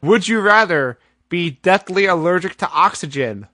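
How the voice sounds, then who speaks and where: A man hosts a casual comedy podcast and reads out questions. His voice is bright and forceful and sits a little high. The sound is dry and close. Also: expressive, moderate pace, no echo. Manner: teasing, exasperated groaning at jokes. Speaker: podcast host.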